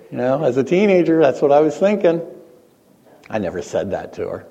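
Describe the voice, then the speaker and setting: A male pastor preaches with a lively, swinging voice that climbs to emphatic peaks and drops to hushed asides. His sermon rings out in a church sanctuary, with a long reverb trailing every phrase. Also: medium pitch, normal speed. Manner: animated preaching, rising to emphatic peaks and dropping to quiet asides.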